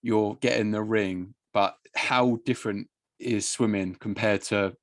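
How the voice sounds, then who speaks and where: A man's voice: on the low side, steady tone, measured pace, no echo, clean studio sound. A man hosting a casual podcast, joking with his guest in a matey, friendly way. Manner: friendly banter, calls guest mate. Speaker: podcast host.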